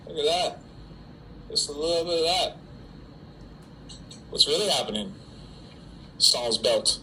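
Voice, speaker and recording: A middle-aged man talks to his webcam from home in a very bright, forward voice, pitched a touch high for a man. He rambles cheerfully, jokes at his own expense and reads out fans' questions. A faint room hum sits under him. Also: expressive, moderate pace, long pauses, low-quality recording. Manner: chatty, self-mocking, talks to an unseen audience. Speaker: actor hosting a live fan stream. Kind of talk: casual solo livestream chat. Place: home during quarantine.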